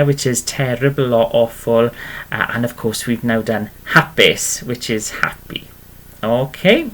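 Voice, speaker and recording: Slow, patient male tutor. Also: medium pitch, fairly bright tone. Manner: patient and encouraging, checks in with "okay?". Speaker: Welsh language tutor. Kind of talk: online beginner language lesson.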